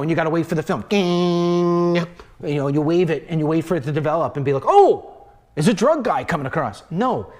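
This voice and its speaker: A man hosting his own online show, delivering an emphatic, heated political commentary monologue and repeating phrases for emphasis. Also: a little high.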